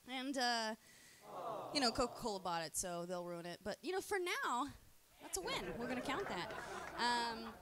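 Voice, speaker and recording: A woman with a somewhat high voice rambles through a casual monologue on a live stream. She swears freely and fills her sentences with fillers as she talks. There is a faint hiss behind her. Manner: crude, profane, rambling with many fillers.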